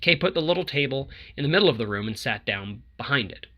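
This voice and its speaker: A man narrating a novel as an audiobook, in a measured voice that drops quiet on the dialogue tags. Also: medium pitch, animated, highs cut off. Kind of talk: scripted narration.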